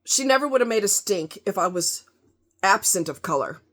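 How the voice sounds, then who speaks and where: A woman's voice: medium pitch, lively intonation, normal speed, fairly bright tone. A woman ranting angrily to camera, cursing heavily with heated, emphatic delivery. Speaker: vlogger. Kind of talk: angry rant to camera.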